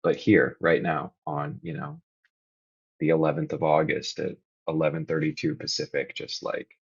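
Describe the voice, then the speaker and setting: This podcast guest shares candidly and earnestly, reflective with sporadic emphatic bursts, in a confessional conversation. His rumbling low voice is creaky and breathy, delivered completely flat at normal speed, on a muffled recording.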